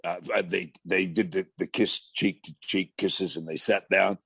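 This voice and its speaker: A man with a gravelly voice, a talk show guest telling rambling anecdotes with many restarts. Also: low-pitched, fairly even intonation, a little slow, a bit bright, no room sound. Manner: rambling storyteller with frequent restarts.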